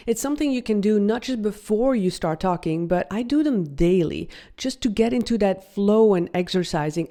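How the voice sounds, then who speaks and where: A woman voice coach teaching a video lesson, upbeat and demonstrative, slowing her delivery for effect. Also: medium pitch, dark tone.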